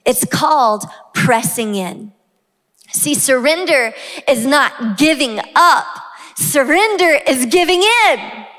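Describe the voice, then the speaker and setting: Female pastor, 30s, Southern US, fervent sermon delivery, bright high pitch. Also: expressive, slow pace. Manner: impassioned, rising to shouts on key lines. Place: large church sanctuary. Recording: long hall reverb.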